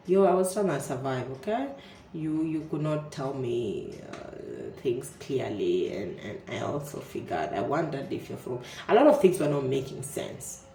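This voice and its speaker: A young woman with a Kenyan accent tells a personal story in a low, mellow voice. She talks casually and animatedly, stumbling over repeated words when she gets nervous. The room is echoey, and a faint hum of ambience sits under her voice. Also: expressive, measured pace.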